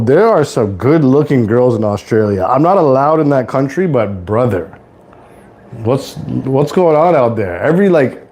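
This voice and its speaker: A young man from Toronto hosting a casual live cooking stream, rambling to viewers in relaxed slang from his home kitchen. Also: medium pitch. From Toronto, Canada. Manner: laid-back rambling slang-heavy talk to viewers. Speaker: livestream host.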